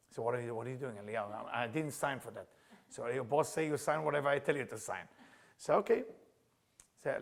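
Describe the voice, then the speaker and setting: A middle-aged man with an Israeli accent, a Kabbalah teacher telling a story as a lesson and acting out the dialogue with loud, animated bursts. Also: mid-range voice, fast.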